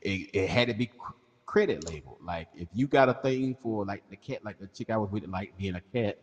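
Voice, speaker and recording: A man's voice: fairly low pitch, lively intonation, brisk, slightly rough, big-room sound, muffled recording. A man co-hosting a podcast, riffing on crude hypotheticals in slangy casual banter. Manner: riffs on absurd hypotheticals, slangy and loud. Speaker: podcast co-host.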